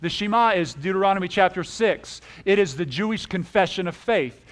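A man preaching a folksy, animated sermon, often laughing and saying amen. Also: high-pitched, brisk. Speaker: pastor.

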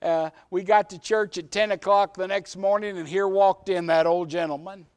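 A man's voice: high-pitched, fairly even intonation, moderate pace, smooth. A man, a preacher telling a story in a sermon in a folksy way. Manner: folksy storyteller, acts out shouted quotes.

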